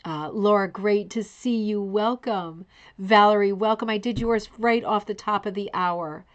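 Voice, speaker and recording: A woman's voice: medium pitch, a little slow, highs cut off. A woman hosting a casual live online show, talking effusively and addressing viewers by name. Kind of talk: casual livestream commentary.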